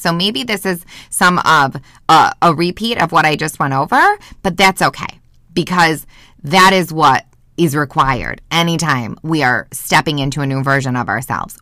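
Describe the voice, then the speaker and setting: A woman's voice: low voice, pushed and bright, no room sound, studio quality. A woman hosting a podcast alone, talking passionately and candidly into a microphone, swearing freely, from a closet at home. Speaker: podcast host. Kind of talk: casual motivational monologue. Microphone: studio microphone.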